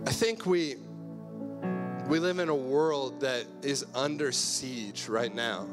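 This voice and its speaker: A young adult man preaching a sermon as pastor, telling a personal story earnestly and moving between hushed and loud passages. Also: mid-range voice, takes it slowly, over loud music.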